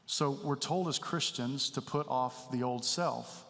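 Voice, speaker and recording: A man delivers a sermon in a relaxed, confessional way, weaving in stories from his own life. His voice sits in a middle register. The sound carries the long reverb of a church sanctuary. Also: mid-range voice, unhurried, creaky. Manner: candid, conversational storytelling. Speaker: preacher.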